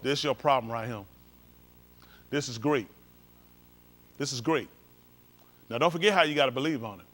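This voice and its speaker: A man's voice: mid-range voice, normal speed, pauses often, fairly bright tone. A male pastor leads an informal Bible study, comparing translations and coaxing someone along with repeated "come on.".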